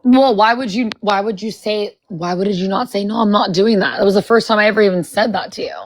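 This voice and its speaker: A woman's voice: mid-range voice, a little fast. A woman from California calling into a livestream, arguing brashly and swearing at the host. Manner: brash, profane, argumentative. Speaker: livestream caller. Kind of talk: heated livestream argument.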